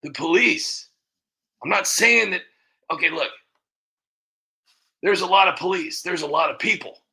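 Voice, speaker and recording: Gravelly, bright-voiced man ranting. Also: high voice, unhurried. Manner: rambling, emphatic, repeats himself. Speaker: show host. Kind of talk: casual monologue.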